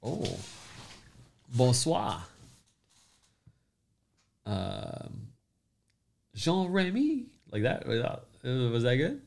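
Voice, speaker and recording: A man's voice: medium pitch, sing-song, drawn-out words, creaky, pauses often, darkish tone. A man hosting a crypto livestream in a casual chat, loosely joking and greeting commenters by name.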